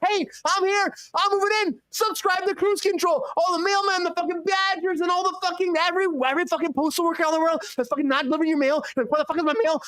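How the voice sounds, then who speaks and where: A comedy talk-show host signing off with loud, profane, rambling riffs. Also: very high-pitched, dry recording.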